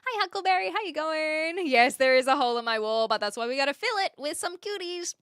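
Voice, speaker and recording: A woman with a New Zealand accent talks to her live-stream chat in a fairly high, very animated voice that swoops up and down. She laughs often as she reacts to messages. The sound is close and dry, with no room echo. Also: fairly quick. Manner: chatty, laughs often, reads and answers chat.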